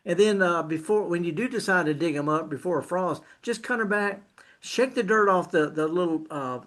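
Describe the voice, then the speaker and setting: An older man, hosting a gardening call-in show and giving blunt, down-to-earth advice with many halting restarts. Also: high-pitched, a bit bright. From Mississippi Delta. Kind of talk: casual radio chat.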